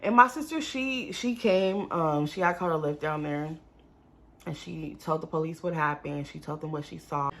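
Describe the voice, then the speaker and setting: Young woman, storytime vlogger: low, gravelly, animated, speaks to viewers as y'all. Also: moderate pace. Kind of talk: casual storytime.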